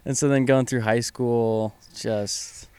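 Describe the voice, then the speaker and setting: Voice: medium pitch, steady tone, slow pace, a little mellow, clean tone, dry recording. A podcast host chatting casually, reacting to a guest with short, sympathetic interjections. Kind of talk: casual chat.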